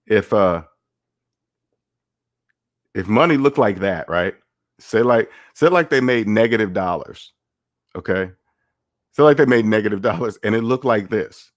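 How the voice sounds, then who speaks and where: A man's voice: fairly low pitch, expressive, measured pace, long pauses, no echo, studio quality. A man giving casual livestream commentary on personal finance, blunt and sarcastic, repeating his points.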